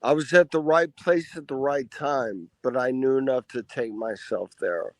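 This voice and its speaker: A man's voice: mid-range voice, moderate pace, no echo, poor audio. A middle-aged man, a podcast guest, telling laid-back, profane stories in casual conversation. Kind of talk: casual storytelling.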